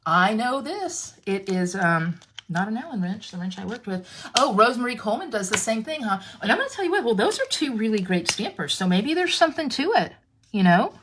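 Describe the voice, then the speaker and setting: A woman's voice: medium pitch, very animated, a little fast, background noise. A woman from Canada hosting a casual crafting livestream from her home craft room, chatting with viewers about their comments, with many fillers and restarts. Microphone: phone camera.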